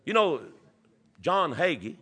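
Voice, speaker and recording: Fervent high-voiced male preacher. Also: big pitch swings, takes it slowly, slightly rough. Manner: swings from quiet teaching to loud fervent preaching; folksy, filler-laden delivery. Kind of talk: sermon.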